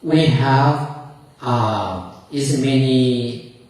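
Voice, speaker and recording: A man who is a monk giving an informal dharma talk, speaking halting English as a non-native speaker with many restarts. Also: medium pitch, a little mellow. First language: Lao. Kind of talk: informal talk with audience questions. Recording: echoey hall recorded from far off.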